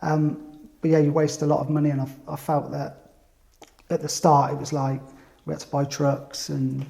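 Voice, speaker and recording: A man chatting as a guest on a business show, telling lively anecdotes and slipping into other people's voices. His voice is mellow and gravelly, a touch higher than most men's, and it carries the echo of a bare room. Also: normal speed. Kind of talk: casual storytelling chat. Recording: echoey room.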